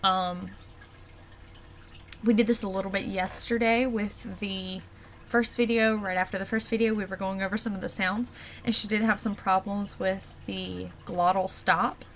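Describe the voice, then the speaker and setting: A woman dialect coach walking through an accent worksheet, pausing often with ums as she explains the sounds. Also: medium pitch, fairly even intonation, slight background noise. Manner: halting, many ums and pauses.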